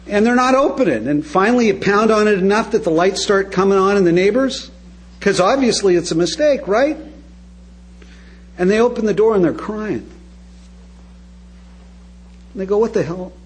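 Man, high voice, recovery-meeting speaker, wry comic storytelling, direct asides to the audience. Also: slight background noise, poor audio.

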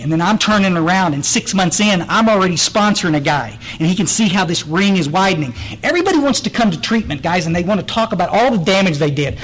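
A man's voice: high voice, a bit bright, husky, poor audio. A middle-aged man from the Texas Hill Country, giving a blunt, earnest personal testimony at a recovery meeting, often restarting and repeating words.

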